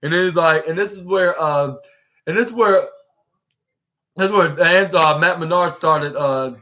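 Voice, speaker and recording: A man's voice: a little high, unhurried, sharp tone. A man hosting a podcast, rambling through a casual recap of a show scene by scene and acting out bits of what each person said. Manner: rambling retelling of scenes with acted-out quotes. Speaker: podcast host.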